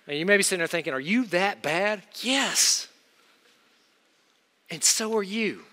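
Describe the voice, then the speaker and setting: A man preaching a sermon to students, swinging between low, quick asides and loud, emphatic exhortation. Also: animated, long reverb tail.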